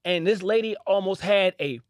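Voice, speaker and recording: A man's voice: high voice, normal speed, dry recording, clean studio sound. A man, a boutique owner, telling stories casually on a podcast and acting out the voices of other people. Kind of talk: casual storytelling.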